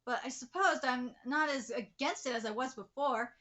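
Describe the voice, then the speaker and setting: A woman reading a worried but supportive middle-aged father aloud from a manga, in a calm, soft, slightly lowered voice. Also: moderate pace. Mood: gentle.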